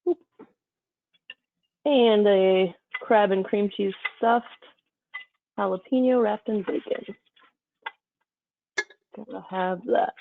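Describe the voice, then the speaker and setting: A woman guest chef chatting casually while plating food, easygoing and quick to laugh. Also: mid-range voice, creaky, a little hiss or hum. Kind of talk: casual chat while cooking. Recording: thin phone-like sound, dry.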